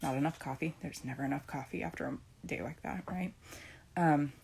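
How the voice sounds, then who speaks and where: In a deep, creaky voice with a darkish tone, this middle-aged woman talks at a moderate pace about homeschooling and her faith, with a slight hiss or hum audible. It's casual personal talk from a homeschooling mom, full of restarts and frequent "right?" check-ins.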